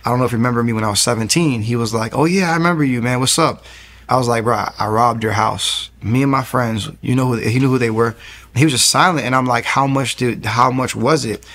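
A man's voice: medium pitch, steady tone, quick pace, fairly bright tone. A man in his thirties, a young pastor, giving an earnest, storytelling faith testimony in an interview, often restarting his sentences. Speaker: interview guest.

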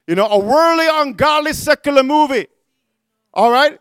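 High-voiced fervent male preacher. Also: animated, moderate pace, no room sound, studio quality. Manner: fervent, punctuates with "amen?" and "hallelujah"; rises to shouting at times. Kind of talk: sermon.

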